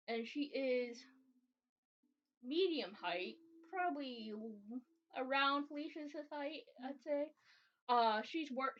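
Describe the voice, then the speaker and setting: A woman narrating as game master of a tabletop game, casual and giggly with lots of fillers. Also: sits high. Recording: dull lo-fi recording.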